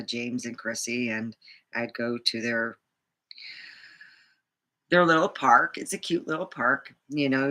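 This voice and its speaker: A woman's voice: rumbling low, sharp tone. A middle-aged woman vlogger telling a rambling dating story, full of fillers and restarts. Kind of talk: casual storytime monologue.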